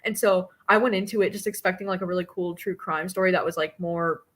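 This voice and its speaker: A woman's voice: fairly low pitch, fairly even intonation, fast talker, fairly bright tone. A young woman hosting a casual live book chat over a video call, chatty and full of "like" and laughs. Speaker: host.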